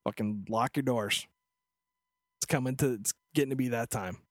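A podcast co-host rants sarcastically and swears freely in a casual chat. His voice is medium-pitched at a normal speed, recorded dry with clean studio sound.

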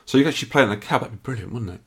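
A man's voice: medium pitch, expressive, racing, slightly rough. A man co-hosting a podcast, telling a long rambling story in casual chat, a bit tired from lack of sleep. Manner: chatty, rambling storyteller with restarts. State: tired and yawning. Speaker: podcast co-host.

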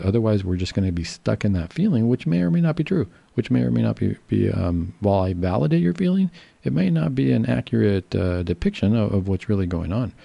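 A male psychiatrist giving a casual educational talk, calm and reassuring, explaining patiently with fillers and restarts. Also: fairly low pitch, gravelly, slightly rough, no room sound.

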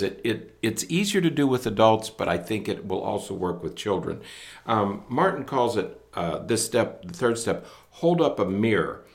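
A middle-aged man and educator co-hosting a parenting talk show, speaking emphatically and acting out what kids and parents say. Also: on the low side. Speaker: podcast co-host, educator. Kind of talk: casual parenting advice chat.

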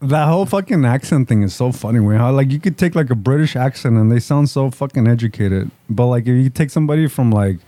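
A man's voice: mid-range voice, expressive, quick pace, few pauses, mellow, no room sound. A man in casual banter with friends on a podcast, cursing and joking, mixing Spanish slang into his English.

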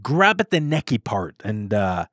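A young man directing friends in a film shoot, eager, excitable and stammering. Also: fairly low pitch, measured pace, no room sound, studio quality. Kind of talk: casual banter.

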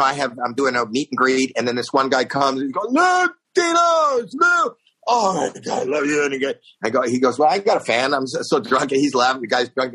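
Husky man telling a lively anecdote. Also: mid-range voice. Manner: animated storyteller, acts out voices and shouts. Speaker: guest telling a story. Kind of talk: casual anecdote.

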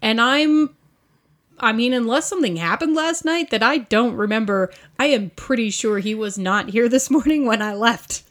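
A woman's voice: a little high, normal speed, a bit bright. A woman playing a tabletop role-playing game, laughing often and speaking earnestly in character. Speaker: player.

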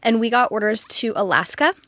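A woman's voice: fairly high pitch, expressive, a little fast, sharp tone, no echo. A woman in her thirties, a marketing coach, talking casually in an interview and using lots of "um" and "like". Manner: chatty, many fillers like "um" and "like". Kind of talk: conversational interview.

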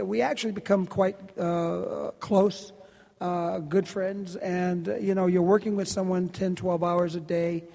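A man, an actor, fielding fan questions at a convention panel in a loud, teasing, joking way. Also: sits high, creaky. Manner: brash, teasing, quick to cut people off. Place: large convention hall. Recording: echoey hall over a PA.

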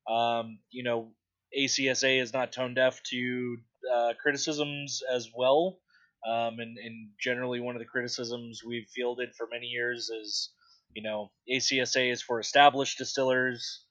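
A man's voice: mid-range voice, little pitch movement, normal speed, a bit bright, highs cut off. A young man chatting casually on a podcast, blunt and profane, rambling with lots of fillers. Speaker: podcast co-host, distillery industry board representative.

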